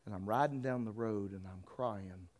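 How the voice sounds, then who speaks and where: A man preaching a sermon and telling his own story. He talks straight to the congregation and moves between quiet storytelling and shouted preaching. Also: lowish voice, moderate pace. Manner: addresses the congregation directly. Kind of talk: sermon with personal testimony.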